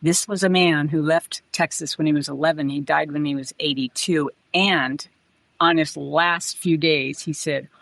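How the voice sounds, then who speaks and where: A woman's voice: low voice, steady tone, moderate pace, vocal fry, fairly bright tone, dry recording. A woman co-hosting a podcast, speaking kindly and telling a personal story. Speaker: podcast co-host. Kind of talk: casual podcast conversation.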